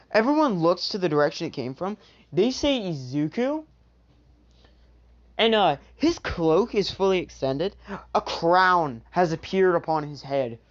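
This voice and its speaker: A storyteller improvising a fan-made what-if story, rambling with many filler asides. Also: mid-range voice. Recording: dull lo-fi recording.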